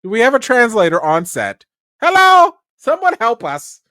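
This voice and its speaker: A bewildered male studio executive spirals into panic, his voice jumping high and loud. A man acts him out with frantic, rapid-fire questions. The sound is dry and close. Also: wildly swooping pitch, no echo, exaggerated voice. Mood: panicked.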